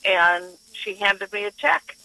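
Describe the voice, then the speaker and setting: A woman's voice: medium pitch, takes it slowly, creaky, dry recording, low-quality recording. A woman calling in to a radio show, telling a story earnestly and acting out the quotes. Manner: earnest, animated retelling with acted quotes. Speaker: caller. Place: her workplace office.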